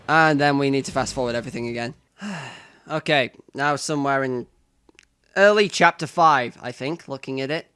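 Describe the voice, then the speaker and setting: A man's voice: mid-range voice, normal speed, bright, forceful tone, smooth, faint music behind. Man reading a visual novel aloud. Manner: narrates in first person, with asides to the viewer. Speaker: let's player.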